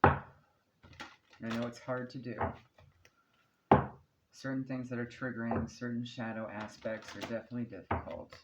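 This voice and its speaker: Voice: medium pitch, flat delivery, normal speed, pauses often, heavy background noise. A tarot card reader giving a casual channeled reading, reassuring and chatty, who often checks in with "okay?" and "right?". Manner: chatty, laughs now and then.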